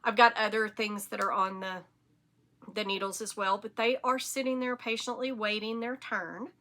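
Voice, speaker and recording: Bright chatty Southern woman. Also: mid-range voice, fairly even intonation, moderate pace. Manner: chatty, rambling, enthusiastic. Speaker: knitting podcast host. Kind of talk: casual chat.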